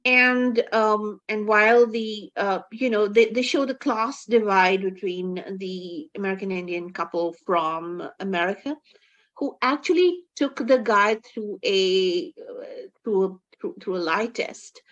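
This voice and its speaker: A woman's voice: medium pitch, a little slow, fairly bright tone, muffled recording. A woman co-hosting a casual film review chat, talking emphatically and with exasperation, often stumbling and restarting her sentences.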